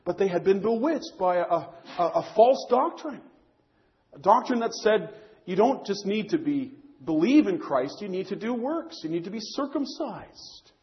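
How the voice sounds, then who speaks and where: A man's voice: sits high, very animated, measured pace, dull audio. A man preaching a sermon to a congregation, earnest, repeating key phrases, with frequent restarts. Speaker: pastor.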